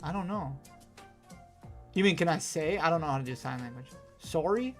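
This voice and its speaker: A man's voice: on the high side, animated, normal speed, soft background music. Chatty man with a Wisconsin accent. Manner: chatty and self-deprecating, laughs often. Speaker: host. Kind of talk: live-stream card-pack opening, reading chat.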